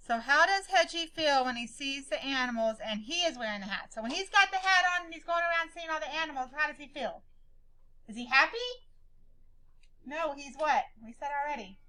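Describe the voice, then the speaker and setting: A woman's voice: high voice, animated, moderate pace, bright, forceful tone, poor audio. A woman teacher leading a classroom reading lesson, asking questions again and again and calling on pupils by name. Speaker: schoolteacher.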